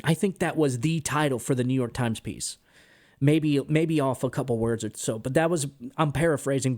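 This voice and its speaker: A man's voice: mid-range voice, a little mellow. A man from the United States hosting a political commentary show, talking in a heated, exasperated monologue and often ending lines with "man". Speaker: host.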